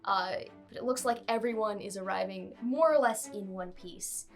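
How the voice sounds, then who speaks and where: A woman's voice: medium pitch, normal speed, soft background music. A woman running a tabletop role-playing game as game master, narrating casually. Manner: casual, with frequent fillers.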